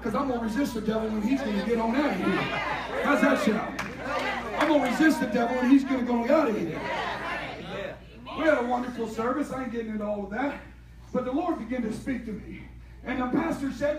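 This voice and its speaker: A man preaches with fervor and a very high voice, swinging between quiet talk and shouting. He is recorded from a distance in an echoey church hall. A congregation answers him from the pews. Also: a little fast, crowd noise. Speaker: lay preacher. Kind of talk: fervent sermon. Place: church sanctuary.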